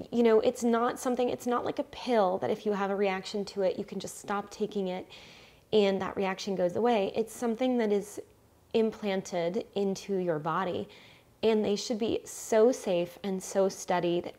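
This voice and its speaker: A woman's voice: medium pitch, darkish tone. A woman in her forties talking candidly to the camera at home about her own health, emotional and hesitant, with frequent ums and restarts, then reading a list of symptoms aloud item by item. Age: 40s. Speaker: vlogger sharing a personal health story. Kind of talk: casual personal vlog. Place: at home, messy room.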